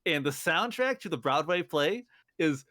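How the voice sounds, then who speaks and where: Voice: medium pitch, expressive, normal speed, sharp tone, no room sound, studio quality. A playful, joking co-host in casual chat on a live stream. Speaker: podcast co-host.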